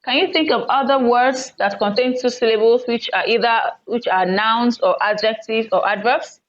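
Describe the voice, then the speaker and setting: A woman teacher giving an online English lesson on word stress, patiently explaining rules and repeating example words loudly with raised pitch. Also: moderate pace, highs cut off.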